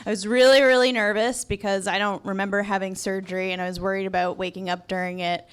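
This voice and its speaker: A woman's voice: mid-range voice, flat delivery, quick pace, clean tone. A young adult woman telling a personal story at a live event in a restaurant, candid and wry with a sarcastic edge.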